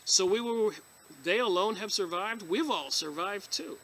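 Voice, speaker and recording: High, bright-voiced man. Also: measured pace. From United States. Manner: emphatic, gets emotional. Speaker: video blogger reviewing books. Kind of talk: reading aloud and commenting.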